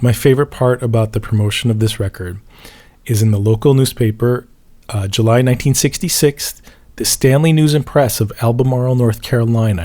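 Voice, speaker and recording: A man's voice: medium pitch, a little mellow. A man hosting a music show, presenting records in a wry, playful, chatty way. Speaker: radio show host.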